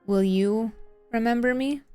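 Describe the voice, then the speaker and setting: A woman's voice: a little high, measured pace, a little mellow, smooth, soft background music, natural voice. A woman voicing a flustered young woman scientist who stammers and gets defensive, reading from a visual novel game. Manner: stammering, defensive, rattles off jargon.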